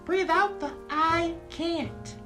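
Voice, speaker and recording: Calm high-voiced woman guiding breathing. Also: soft background music. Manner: calm, slow, soothing counting. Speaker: mindfulness guide. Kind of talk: guided breathing for children.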